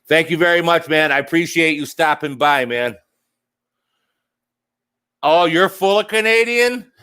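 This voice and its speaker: A man with a slightly raised pitch hosts a relaxed livestream. He rambles from one thought to the next, cracking jokes and answering viewer comments in a loose, casual chat. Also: a little slow, clean tone. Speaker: livestream host.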